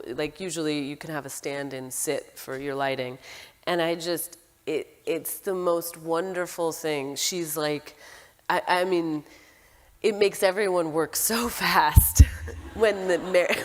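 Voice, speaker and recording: Brief: low-pitched woman guest, eager, stumbling over words, long reverb behind. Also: clean tone. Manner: halting, many restarts, enthusiastic. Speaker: film director, interview guest. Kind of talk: casual interview talk.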